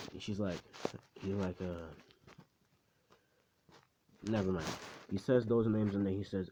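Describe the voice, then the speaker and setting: A man's voice: on the low side, steady tone, unhurried, pauses often, warm tone, slight background noise. A man casually retelling a fan story in a rambling, slangy way, laughing at his own jokes. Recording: slightly muffled recording.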